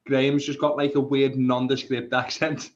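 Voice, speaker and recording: A man's voice: medium pitch, moderate pace, muffled recording. A man with a North Liverpool accent chatting casually and laughing often in a live stream. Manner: laughs a lot, excitable outbursts. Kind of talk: casual banter.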